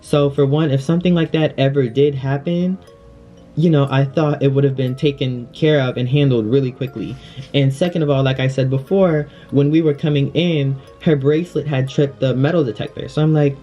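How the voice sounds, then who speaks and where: A young man tells a story in a loose, filler-packed storytime, his mellow mid-pitched voice rolling along as he relives the night. The audio is dull and lo-fi, with faint music underneath. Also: a little fast. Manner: chatty, filler-heavy, animated retelling. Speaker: vlogger. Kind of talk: casual storytime.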